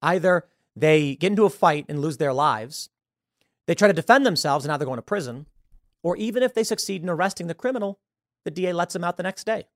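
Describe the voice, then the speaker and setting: A male host works through his commentary in an animated, scornful way. His voice sits a little high for a man. The sound is close and dry, with no room echo. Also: a little fast. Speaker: show host. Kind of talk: political commentary.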